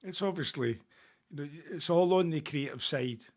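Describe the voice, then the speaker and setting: A man with a Glaswegian accent hosts a relaxed podcast chat. He keeps it chatty and jokey, often poking fun at himself. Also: on the high side, moderate pace. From Scotland. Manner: chatty, jokey, self-deprecating. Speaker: podcast host. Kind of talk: casual interview chat.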